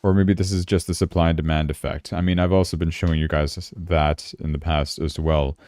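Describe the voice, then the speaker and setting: A man's voice: extremely low pitch, flat delivery, a little fast, a little mellow, dry recording, clean studio sound, soft background music. A man hosting a casual crypto livestream, chatting and thinking aloud as he checks his charts, sounding tired. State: yawning, tired.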